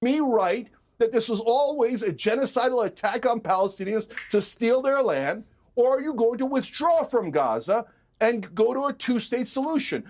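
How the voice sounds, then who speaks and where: Man with a high voice, combative, sarcastic, heated debate. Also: expressive. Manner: combative, sarcastic, rapid-fire arguing. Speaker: political commentator in a debate.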